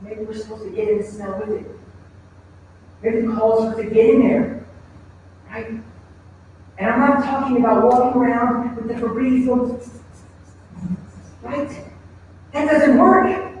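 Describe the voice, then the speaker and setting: A man's voice: very high-pitched, steady tone, measured pace, long pauses, darkish tone, slight background noise. A man preaching a sermon as pastor, talking in a conversational way and asking the congregation rhetorical questions. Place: church sanctuary. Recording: echoey church hall, mic at a distance.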